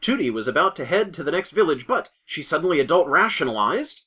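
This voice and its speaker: A man's voice: fairly high pitch, very animated, fast, pushed and bright, breathy edge. Amused man narrating fanfiction. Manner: amused, often breaking into laughter. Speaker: narrator reading fan fiction. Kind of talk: comedic fanfiction reading.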